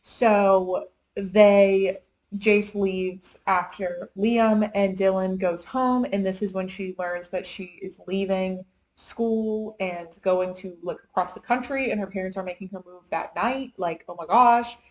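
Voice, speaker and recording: A woman's voice: mid-range voice, fairly even intonation, slow pace, low-quality recording. A young woman in casual chat, retelling a book plot in a chatty way with lots of "like". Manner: chatty retelling, heavy use of "like". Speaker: book reviewer.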